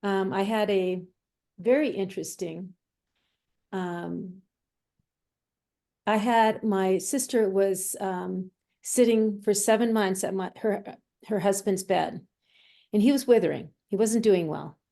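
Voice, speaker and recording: A woman who works as a medium and healer, a guest in an interview, telling stories in a lively way and acting out the voices she quotes. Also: mid-range voice, slow pace, gravelly, pauses often. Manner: animated storyteller who acts out quoted voices. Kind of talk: conversational storytelling.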